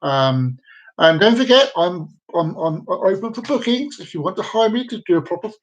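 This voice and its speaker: A man's voice: sits high, expressive, moderate pace, lo-fi sound, a little hiss or hum. A man hosting a casual live stream at home, telling bad jokes in a rambling, repetitive way. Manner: jokey, rambling, repeats himself. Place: downstairs room at home with dogs.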